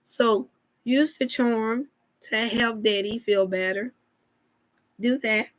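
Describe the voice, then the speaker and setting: A woman's voice: on the high side, takes it slowly. A woman hosting a casual wellness live chat, talking to viewers in a folksy, preachy way. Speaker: wellness show host.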